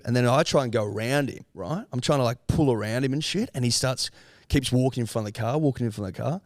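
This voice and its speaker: A young Australian man co-hosting a podcast, spinning a long sweary story with plenty of quoted voices. His pitch sits in the middle and the sound is dry and close. He talks casually and lets the story tumble out. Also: quick pace, dry recording. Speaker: podcast co-host.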